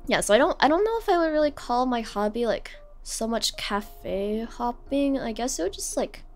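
A woman's voice: on the high side, animated, moderate pace, faint music behind. A young adult woman streamer telling a personal story in a casual, rambling way, full of fillers and sentiment. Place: home streaming setup.

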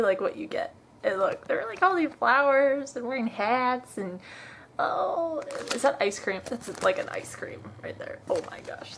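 A young woman with a fairly high voice unboxes items on a vlog, gushing over each one. She gasps and drops into soft whispers when excited. There is a faint hiss of noise under the camera mic. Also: vocal fry. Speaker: vlogger.

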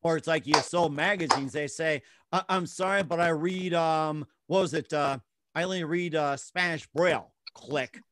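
A man hosting a talk show, joking and rambling with lots of halting restarts. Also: on the high side, heavy background noise. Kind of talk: casual talk show chat.

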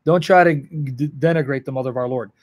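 A man's voice: mid-range voice, brisk. A man teaching the Bible on a livestream, earnest and emotional, answering viewers in the chat by name.

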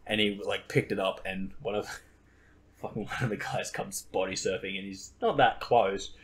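A man's voice: deep voice, fairly even intonation, moderate pace. A young man hosting a podcast in casual chat, rambling and laughing at his own stories. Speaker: podcast host.

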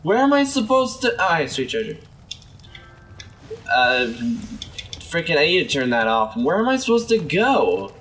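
A young man with a slightly hoarse, sore voice, chatty let's-play commentary, exclaiming and talking back to enemies as he plays. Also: on the high side, huge pitch swings, moderate pace, long pauses, fairly bright tone, far from the mic. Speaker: gameplay commentator.

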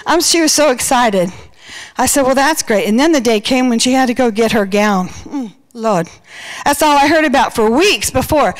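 A woman's voice: on the high side, normal speed, rough recording. A woman giving a humorous, storytelling wedding toast in a church, a little out of breath. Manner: storytelling with playful quoted voices. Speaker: wedding speaker and church singer.

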